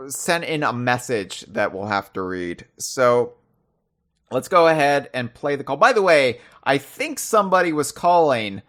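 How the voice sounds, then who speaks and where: A man's voice: mid-range voice, a little slow. Podcast host guy, rambly casual chat, medium voice. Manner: rambling, lots of fillers and restarts, lively.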